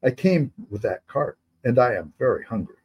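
A man's voice: mid-range voice, sing-song, normal speed, husky, dull audio. A man voicing a frightened young male fool who speaks simply and earnestly, in an audiobook read by its author. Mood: earnest pleading. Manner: simple, pleading speech.

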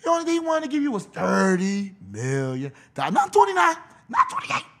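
A man's voice: high voice, huge pitch swings, moderate pace, vocal fry, fairly bright tone. A man hosting a podcast, delivering a profane, mocking comedic rant. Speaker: podcast host.

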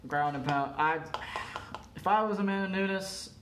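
A young man with a slightly high voice trades loose, joking banter on a podcast. The room around him is echoey, with faint noise underneath. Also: unhurried. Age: young adult. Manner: loose, joking, bursts into shouted impressions. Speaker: podcast host. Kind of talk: casual chat.

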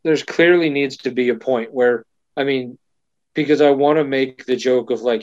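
A man's voice: medium pitch, moderate pace, no echo. Rambling man on a lo-fi mic. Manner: rambling, many fillers and restarts. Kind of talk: casual chat. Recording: dull lo-fi dry sound.

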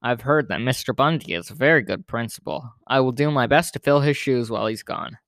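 A man's voice: mid-range voice, a little fast, fairly bright tone, dry recording, studio quality, natural voice. A man voicing a small, polite male frog who is the school principal, speaking formally in a children's storybook. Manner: courteous, formal storybook speech.

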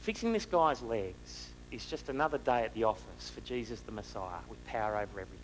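A man preaching a sermon, asking the listeners rhetorical questions and moving between loud and hushed delivery. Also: lowish voice, expressive, fairly quick, slight background noise, rough recording.

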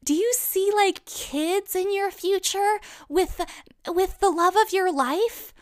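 A woman's voice: extremely high pitch, slow, voice pushed up. A woman voicing a nosy middle-aged stranger at a barbecue who asks personal questions in a sugary, sing-song voice. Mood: prying.

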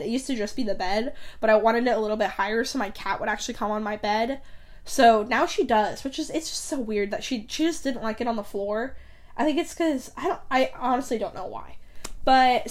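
Young female podcast host, casual solo chat, rambling and filler-heavy, slightly high voice. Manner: rambling, filler-heavy, giggly, self-correcting. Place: her bedroom, at home.

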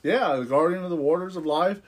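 A man's voice: fairly high pitch, a little fast, crowd noise. A man in casual podcast chat, joking and rambling with many fillers.

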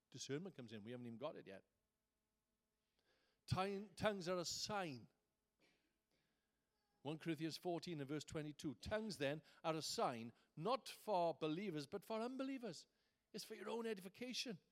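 A man preaching a sermon as pastor, conversational at times and rising to fervent emphasis. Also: fairly high pitch.

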